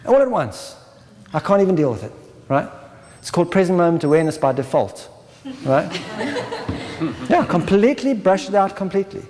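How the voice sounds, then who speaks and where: A workshop presenter with a somewhat raised male pitch leads a spiritual talk, constantly checking in with "right?" and slipping into short, dramatized asides voicing inner thoughts. His darkish voice swings widely in pitch at normal speed with long pauses, and a large lecture hall's long, lingering reverb fills the recording.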